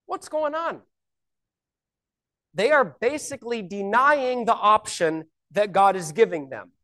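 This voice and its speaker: A woman's voice: medium pitch, animated, unhurried, a bit bright. A woman teaching a Bible lesson, explaining scripture step by step and asking rhetorical questions.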